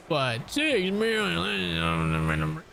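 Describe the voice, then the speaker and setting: A man's voice: a little high, wildly swooping pitch, very slow, gravelly, pushed and bright. A man in his twenties, a gaming streamer, chatting casually during gameplay, rambling and swearing a lot with frequent laughs. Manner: rambling, profane, laughs often. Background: background music.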